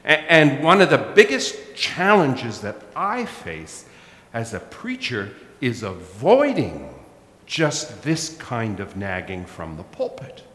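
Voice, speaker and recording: A middle-aged pastor preaching a sermon, telling a self-mocking story. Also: male voice, medium pitch, wildly swooping pitch, slow pace, fairly bright tone. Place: church. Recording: echoey church hall.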